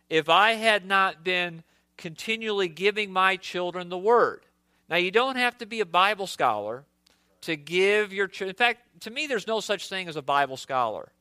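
High, bright-voiced male pastor preaching. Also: clear, resonant tone, dry recording. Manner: earnest, repetitive preaching with frequent restarts. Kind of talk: sermon.

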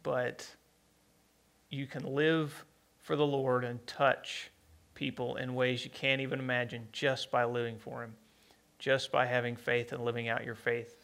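A man preaching a conversational sermon, plainspoken and unhurried, with many pauses and restarts. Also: medium pitch, flat delivery, gravelly, fairly bright tone.

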